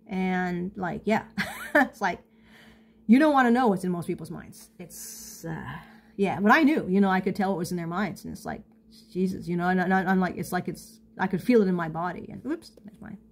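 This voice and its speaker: A middle-aged woman in a casual confessional monologue, halting and full of restarts, candid and self-mocking with small laughs. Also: fairly low pitch, expressive. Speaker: vlogger.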